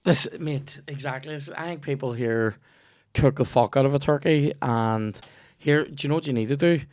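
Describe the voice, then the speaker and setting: A man's voice: mid-range voice, normal speed, darkish tone, dry recording, clean studio sound. A young man with a Northern Irish accent hosting a podcast, rambling cheekily through ad reads and casual chat, swearing freely. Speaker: podcast host.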